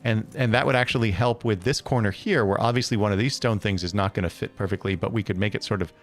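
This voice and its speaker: A man's voice: on the low side, fast talker, soft background music. A man live-streaming a building game, chatting casually and thinking aloud with many hesitant self-corrections.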